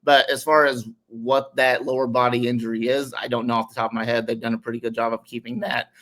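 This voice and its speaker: A man's voice: medium pitch, little pitch movement, fast, a bit bright. Rambling man talking sports, full of fillers. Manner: rambling, heavy on "um" and "you know". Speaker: guest analyst. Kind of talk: casual sports podcast chat.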